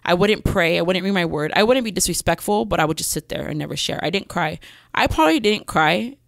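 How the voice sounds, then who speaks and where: A woman telling her life story as a podcast guest, speaking candidly and pausing often with "um.". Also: on the low side, expressive, vocal fry, no echo, studio quality. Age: adult mother with several children. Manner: candid, frequent "um" pauses, acts out her past self. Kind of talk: personal testimony in a podcast interview.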